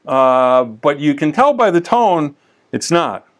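Man, Bible teacher, conversational, animated storyteller, somewhat high-pitched. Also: unhurried. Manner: animated storytelling, frequent restarts and asides.

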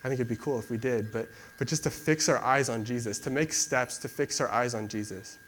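A man's voice: medium pitch, brisk, fairly bright tone, a little hiss or hum. Young man preaching in a casual way. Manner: conversational, many fillers like "like". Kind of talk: casual sermon and prayer.

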